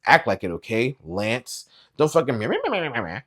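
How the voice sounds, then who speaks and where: A man reading aloud, voicing a blunt, worried young adult sister who talks loud, fast and pushy, swearing often. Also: fairly low pitch, expressive, slightly rough, pitched above the performer's own voice. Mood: agitated.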